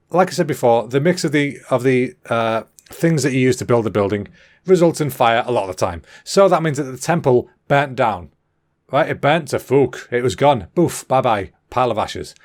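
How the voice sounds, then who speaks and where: A man's voice: mid-range voice, a little mellow. An English man rambles through a solo comedy podcast in a mid-range voice. He is cheeky and sweary, and keeps going off on tangents. He stops now and then to correct himself. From England. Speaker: podcast host.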